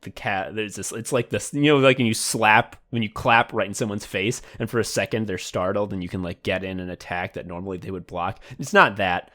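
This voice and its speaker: A man's voice: lowish voice, fairly even intonation, fairly quick, few pauses, fairly bright tone. A man co-hosting a comedy podcast, rambling in a mock sports announcer manner. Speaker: podcast co-host.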